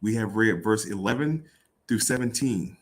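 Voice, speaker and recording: A man's voice: fairly low pitch, moderate pace. Irreverent man reading and riffing. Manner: irreverent, animated, swears and laughs. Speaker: host. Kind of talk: casual commentary reading scripture aloud.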